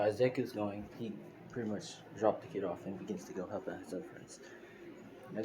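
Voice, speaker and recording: A man narrating a fan-made story in a loose, rambling way with many fillers. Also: on the low side. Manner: loose, filler-heavy retelling. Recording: noisy screen-recorded phone audio.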